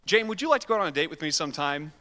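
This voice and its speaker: A man preaches from the platform, telling his story in a loose, self-deprecating way. His voice is bright and forward. The sound rings with a long church-hall reverb. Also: fairly high pitch, lively intonation, rapid-fire. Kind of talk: storytelling sermon. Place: church sanctuary.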